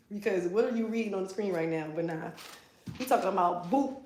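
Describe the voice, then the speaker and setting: Her mid-range voice has a darkish tone and runs a little fast, echoing in the room. She's a US East Coast hairstylist chatting casually on a livestream while doing a color removal in her salon suite, playfully teasing the chat and swearing freely.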